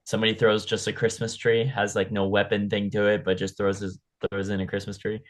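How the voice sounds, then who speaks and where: A man's voice: lowish voice, completely flat delivery, brisk. A young man co-hosting a show, improvising a comedic story in loose, rambling narration full of "like"s and laughs. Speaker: co-host.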